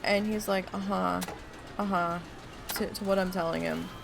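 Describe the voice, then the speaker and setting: A woman streamer telling a story in a casual, animated, exasperated way, with lots of swearing, while she plays a park-building game. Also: medium pitch, a little fast, gravelly, noisy background.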